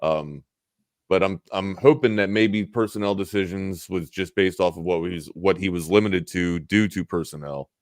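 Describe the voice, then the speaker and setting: A man's voice: low-pitched, moderate pace, dry recording, studio quality. A man co-hosting a sports talk stream in casual chat, thinking aloud with lots of restarts.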